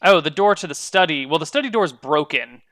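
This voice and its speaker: A man narrating as dungeon master in a tabletop game, relaxed with frequent ums. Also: fairly high pitch, fast talker, no room sound.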